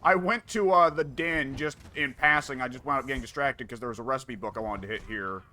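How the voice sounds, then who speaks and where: A man's voice: medium pitch, a little fast, pushed and bright, a little hiss or hum. A man in casual gaming chat, blunt and freely swearing.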